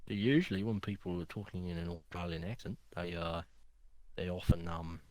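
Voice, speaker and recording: A man putting on a crude, swaggering Australian bloke in a hammy over-the-top impersonation, drawling deliberately slow. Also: deep voice, steady tone, no room sound, lightly acted. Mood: mock-swaggering.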